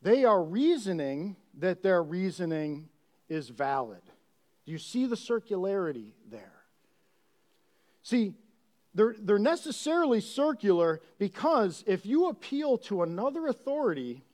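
High, animated male preacher. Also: normal speed. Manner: animated preaching with rhetorical questions. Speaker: pastor. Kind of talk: sermon.

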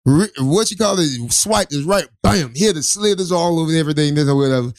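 Man, casual rambling storyteller, raised pitch, dry close mic. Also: animated, a little fast, no room sound. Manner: loose, profane, rambling storyteller with many restarts. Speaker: co-host.

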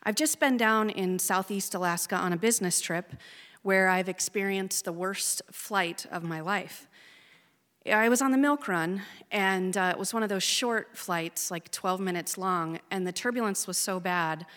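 A woman's voice: on the low side, a bit bright. A woman in her thirties from Oregon, telling an earnest, emotionally raw personal story on stage. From Oregon, USA. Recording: long hall reverb.

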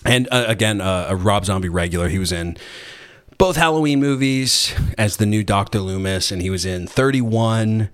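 A man's voice: on the low side, expressive, moderate pace, clear, resonant tone. A man hosting a casual chat, retelling a story in a rambling, sarcastic, profane way.

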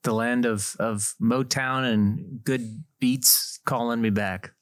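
A man's voice: medium pitch, steady tone, takes it slowly, dry recording, studio quality. A young man, a deacon, chatting casually on a podcast, laughing easily with lots of fillers. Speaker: deacon and seminarian, co-host. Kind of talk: casual chat.

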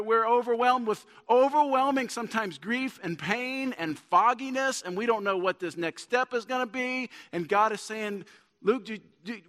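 A man's voice: high-pitched, sharp tone. A man preaching a sermon as pastor in a church, earnest and building to emphatic points. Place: church sanctuary. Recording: long church hall reverb.

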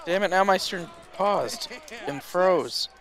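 A man's voice: high voice, animated, takes it slowly, a bit bright, faint music behind. A man on a voice chat call making joking, mocking asides while watching wrestling. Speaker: co-host. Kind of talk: live wrestling watch-along commentary.

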